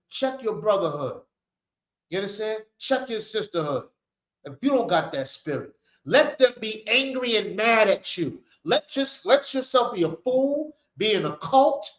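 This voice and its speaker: A man's voice: sits high, very animated, measured pace. Fiery man preaching on the street. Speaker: street teacher of scripture. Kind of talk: preaching commentary on scripture. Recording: echoey, dull sound.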